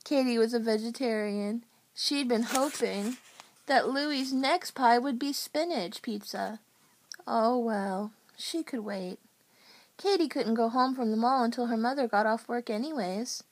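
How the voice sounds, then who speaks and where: A woman reading a children's storybook aloud at bedtime, gentle and unhurried. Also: a little high.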